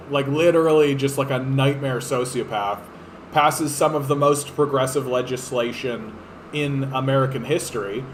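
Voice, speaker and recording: A man's voice: mid-range voice, a little hiss or hum, low-quality recording. A man hosting a political podcast, ranting in a profane, fired-up way with lots of fillers. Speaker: podcast host. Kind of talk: political commentary rant.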